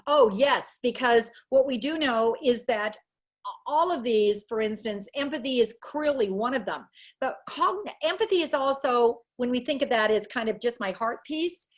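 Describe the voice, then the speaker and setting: A woman's voice: fairly high pitch, normal speed. A woman psychologist giving an earnest, emotional webinar talk over a video call, acting out the people in her stories. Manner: earnest, emotional, acts out quotes. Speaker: guest speaker, educational psychologist.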